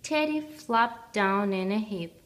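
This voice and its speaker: Slow, expressive storybook reader, a woman. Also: medium pitch. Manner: expressive, gently animated reading. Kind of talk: reading a picture book aloud.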